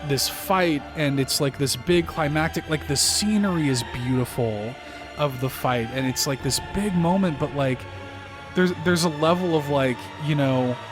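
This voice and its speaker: Emotional, halting man on a podcast. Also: on the high side. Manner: emotional, halting, many restarts and fillers. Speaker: podcast co-host. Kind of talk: casual podcast discussion.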